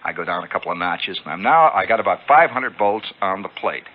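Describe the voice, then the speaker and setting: A man spinning an animated, chuckling radio monologue and acting out the scene, heard through a lo-fi old radio broadcast. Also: sits low, fairly quick. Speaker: radio storyteller.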